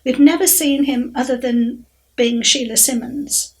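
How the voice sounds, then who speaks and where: A woman's voice: high-pitched, fairly even intonation, measured pace, a little mellow, poor audio. A woman fan speaking enthusiastically in an interview. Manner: enthusiastic, gushing.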